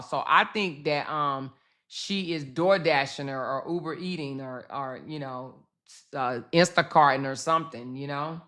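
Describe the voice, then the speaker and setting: Bright-voiced chatty woman livestreamer. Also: low voice, moderate pace. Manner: chatty, animated, talks to her chat directly; laughs often while talking. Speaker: livestream commentary host. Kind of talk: casual livestream commentary.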